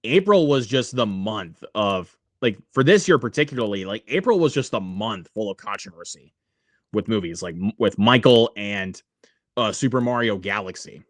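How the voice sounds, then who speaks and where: A man's voice: lowish voice, expressive, moderate pace, no echo, studio quality. A man hosting a casual livestream, rambling with many fillers and reading viewer comments aloud. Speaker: livestream host.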